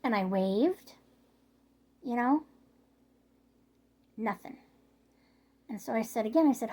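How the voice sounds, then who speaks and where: A middle-aged woman vlogging about her neighbors, her voice a little hoarse, rambling along with lots of filler words. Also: a little high, measured pace, pauses often, a little mellow. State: slightly hoarse from yelling. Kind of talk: casual storytelling vlog.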